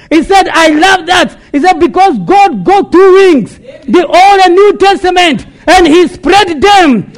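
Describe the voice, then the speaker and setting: A man preaching a sermon, asking rhetorical questions and answering them, sometimes shouting. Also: extremely high pitch.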